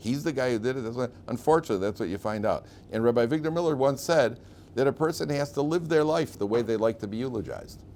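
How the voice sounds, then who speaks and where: A man's voice: mid-range voice, darkish tone, a little hiss or hum. A middle-aged man, a rabbi teaching a class, telling stories in a chatty, repetitive way and asking his students questions. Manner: chatty storyteller, repeats phrases, asks the class questions. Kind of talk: conversational classroom lecture with stories.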